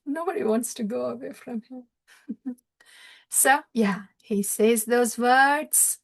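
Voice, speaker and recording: A middle-aged woman giving a devotional storytelling lecture, speaking slowly and emphatically, repeating key words and chanting scripture verses. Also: fairly high pitch, gravelly. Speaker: spiritual speaker.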